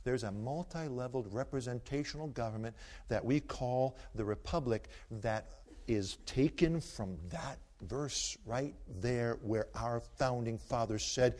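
An older male preacher delivers a sermon in a mid-pitched voice. He tells animated stories and jokes with his listeners. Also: unhurried. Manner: animated, joking storyteller.

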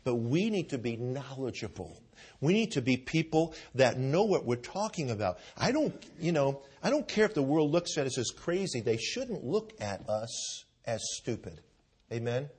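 A man's voice: medium pitch, sing-song, moderate pace, darkish tone, breathy edge. A middle-aged man preaching a sermon, telling stories and often asking the congregation for an "amen". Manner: storytelling with asides of "amen".

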